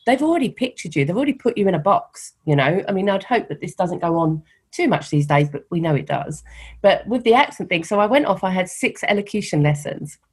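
A middle-aged woman from East London, with a softened Cockney accent, is the guest in a conversational interview as founder of a women's network. Her voice is on the low side, fairly quick and breathy at the edges, and she tells stories candidly and with animation, laughing along the way.

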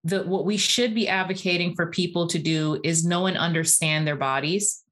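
A woman in her forties speaks as a podcast guest, passionate and talkative, drifting into casual phrases. Her voice sits a little low. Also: normal speed, fairly bright tone. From Atlanta area, USA. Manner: passionate, talkative, uses "y'all". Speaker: guest, physical therapist. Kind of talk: casual interview conversation.

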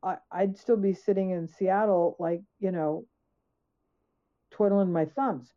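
A woman speaking as a guest author, telling her story with emphasis and acting out her own questions in quotes. Her voice comes through a narrow, tinny line like a phone call, at an ordinary middle pitch. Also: slow, mellow. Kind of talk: conversational storytelling.

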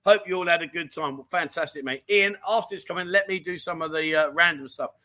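A high-pitched man chatting on a casual livestream. His voice is bright and forward as he rattles through viewer comments, friendly and full of slang. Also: fast talker. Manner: chatty and animated, full of mate and diamond geezer slang. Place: home in Thailand.

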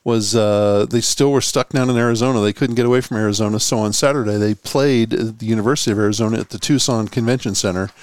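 A man's voice: fairly low pitch, steady tone, fast talker, hardly any pauses, no room sound. A man hosting a podcast, chatting casually with a wry, chuckling manner. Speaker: podcast host. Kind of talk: casual chat.

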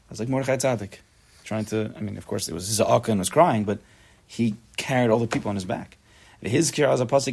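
Husky fast-talking rabbi teaching a class. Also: male voice, fairly low pitch. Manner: quick, animated, chatty with students. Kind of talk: informal Torah class.

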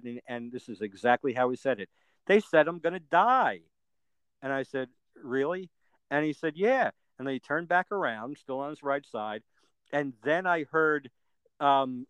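A man's voice: medium pitch, fairly bright tone, clean tone, dry recording, low-quality recording. A middle-aged man, a podcast guest, telling a personal story earnestly and plainly, step by step, with everyday fillers.

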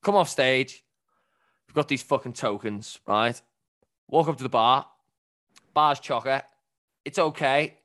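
A man's voice: medium pitch, unhurried, pauses often, a bit bright. A man, a musician on a casual podcast, ranting through a story and swearing, checking in with "right?" often. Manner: ranting anecdote-teller who says "right?" often and swears a lot.

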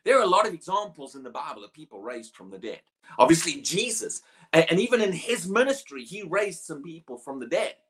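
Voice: mid-range voice, very animated, a little fast. A preacher delivering a sermon in an emphatic way, often repeating and restarting words while building each point.

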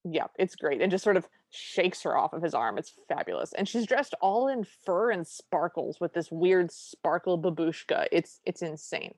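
A woman's voice: on the low side, animated, normal speed, hardly any pauses, a little mellow, no room sound. A woman co-hosting a podcast, recapping a film in casual chat with wry, exasperated storytelling into a close mic. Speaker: podcast co-host.

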